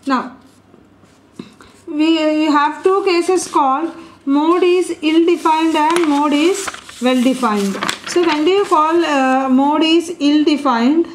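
A woman's voice: high voice, slow pace. A woman teaching a statistics lesson at a board, explaining step by step and putting questions to her class. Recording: echoey room.

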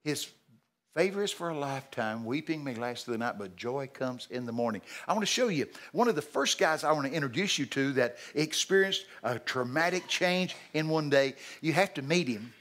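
A man preaching a sermon at a church service, animated and jokey, breaking into shouted acted-out lines. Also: on the high side, moderate pace. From Texas.

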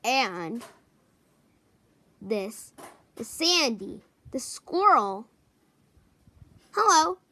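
Slow, hesitant woman introducing toys. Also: a little high, lively intonation, bright, forceful tone, a little hiss or hum. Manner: hesitant, many pauses and ums. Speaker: toy show presenter.

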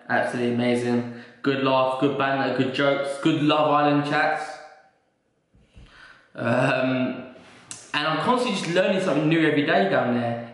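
A young man answering viewers' questions in a casual, joking vlog. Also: mid-range voice. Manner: chatty, joking, swears casually. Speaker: vlogger and fitness coach. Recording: very echoey room.

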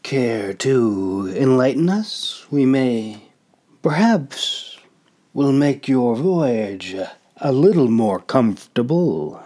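A man voicing a swaggering pirate captain who mocks and interrogates his captive in a loud, demanding voice. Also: medium pitch, very animated, slow pace. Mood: mocking.

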